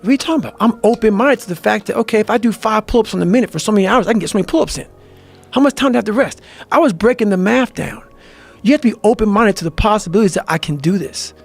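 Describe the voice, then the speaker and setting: A man's voice: high-pitched, fast, creaky. A man telling intense motivational stories in an emphatic, profane, fiery manner. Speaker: guest. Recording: music bed under the voice.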